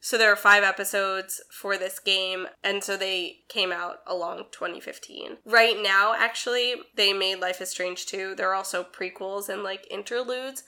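Bright-voiced sick woman chatting. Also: medium pitch, fairly even intonation, normal speed, hardly any pauses. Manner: chatty, rambling, laughs often. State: sick with a fever. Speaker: podcast co-host. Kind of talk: casual game review chat.

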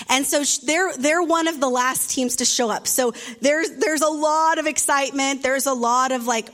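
High-voiced woman pastor preaching. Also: normal speed, few pauses. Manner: animated storytelling, acting out quoted voices. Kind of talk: sermon.

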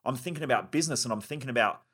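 A man's voice: medium pitch, very fast, fairly bright tone, husky. Blunt, driven podcast host man. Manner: blunt, driven and emphatic, with casual swearing. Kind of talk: motivational self-help monologue.

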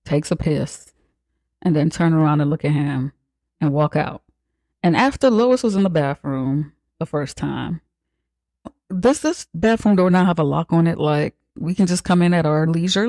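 Casting note: laid-back recap podcaster, slangy and profane, mellow dark tone, dry close sound. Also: mid-range voice, no echo. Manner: slangy, profane, joking asides. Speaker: podcast host. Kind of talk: casual movie recap.

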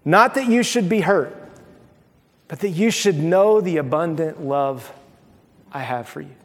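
A pastor preaching a sermon in a conversational, animated way, acting out little everyday scenes. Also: male voice, fairly high pitch, unhurried, in a large hall.

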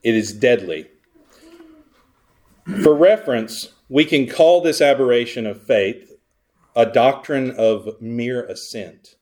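A man preaching a sermon at a mid pitch. He leans on sarcasm and keeps asking the congregation questions. His loudness keeps jumping between strong emphasis and near-murmured asides. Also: slow pace, long pauses. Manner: wide swings between loud emphasis and quiet asides. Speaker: pastor.

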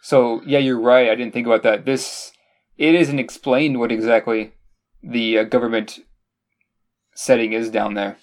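A man co-hosting a podcast who talks over a movie in a measured, hesitant way, often restarting his sentences. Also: mid-range voice, fairly even intonation. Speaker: podcast co-host. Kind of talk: casual movie review chat.

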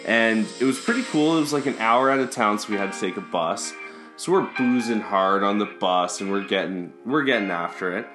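A man in his thirties spins a boozy travel story with plenty of swearing and laughter. His voice sits on the lower side, and faint music plays underneath. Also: a little fast. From Canada. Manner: rowdy, profane, laughing often. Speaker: podcast host. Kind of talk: casual storytelling.

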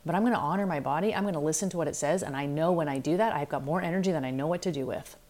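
Middle-aged woman, low voice, life coach hosting a candid, reflective solo podcast. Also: very fast, darkish tone. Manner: candid, reflective, acts out her own inner voices. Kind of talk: solo self-help podcast talk.

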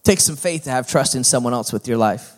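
A man's voice: mid-range voice, fairly quick. A middle-aged male pastor preaching a sermon in a folksy, conversational manner that builds to emphatic points.

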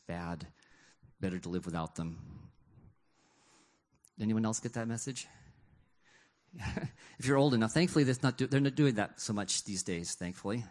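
A man's voice: fairly low pitch, normal speed, a little mellow. A man preaching in a reflective, conversational way, asking the audience questions as he teaches. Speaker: pastor. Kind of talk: sermon.

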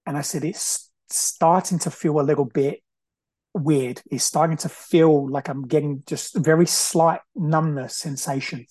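A man's voice: a little high, steady tone, a little slow, a little mellow, no echo. A man, earnestly telling a personal story as a podcast host, often repeating himself and restarting sentences.

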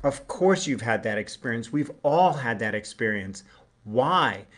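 A man's voice: medium pitch, lively intonation, a little slow. A man giving a live relationship coaching talk, earnest and explanatory, acting out short everyday dialogues.

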